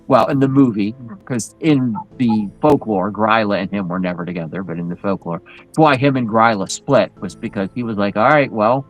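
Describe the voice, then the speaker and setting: A man chatting casually on a live show as a guest in Krampus costume, telling animated stories with many restarts. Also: lowish voice, normal speed, soft background music, poor audio. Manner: animated, acts out quoted voices, many restarts.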